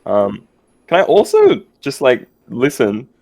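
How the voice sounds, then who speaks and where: A man's voice: medium pitch, huge pitch swings, slow, vocal fry, darkish tone. A man playing in a tabletop game over voice chat, talking hesitantly with many fillers as he plans his moves. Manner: hesitant, full of um and like. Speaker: player. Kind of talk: casual game talk.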